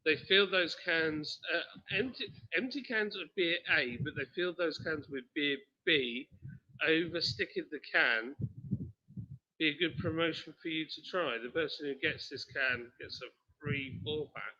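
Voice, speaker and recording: Jokey brewery host on a live stream, bright and lively, dull lo-fi sound. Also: male voice, fairly high pitch, moderate pace. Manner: jokey, animated, reads comments aloud. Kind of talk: casual live-stream chat.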